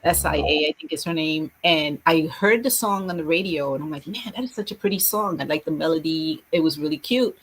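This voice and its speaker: Husky, animated woman telling classroom stories. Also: low-pitched, rough recording. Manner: animated storyteller, acts out classroom scenes with quick voices. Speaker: guest, schoolteacher. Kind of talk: casual video chat.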